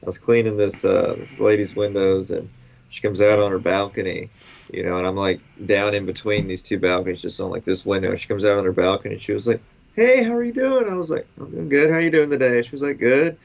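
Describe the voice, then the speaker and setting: A man's voice: lowish voice, steady tone, fast, gravelly, muffled recording. A man who cleans windows, chatting in a laid-back way on a casual podcast and saying "dude" a lot. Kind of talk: casual chat.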